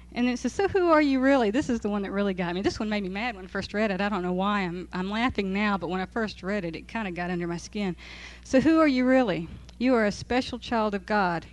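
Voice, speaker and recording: A woman's voice: medium pitch, brisk. Woman teaching a casual Bible study. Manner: conversational, amused, laughs while reading aloud. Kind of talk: church talk to a group.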